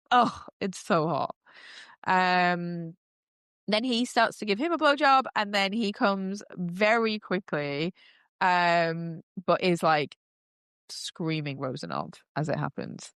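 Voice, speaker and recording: Woman podcast host, gushing casual recap, smooth voice, dry close sound. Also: on the low side, takes it slowly, a bit bright, no room sound. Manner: gushing, full of "like" and "um" fillers.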